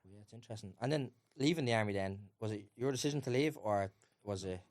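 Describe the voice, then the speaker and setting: A podcast host with a lowish voice talks quickly and casually. He mostly gives short, laid-back reactions and asks follow-up questions. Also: no echo, studio quality. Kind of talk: casual interview.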